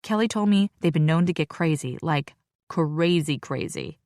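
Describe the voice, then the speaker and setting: A woman's voice: deep voice, animated, normal speed, a little mellow, dry recording, clean studio sound. A woman voicing an anxious young woman warning her friend urgently. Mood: worried. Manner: nervous, urgent.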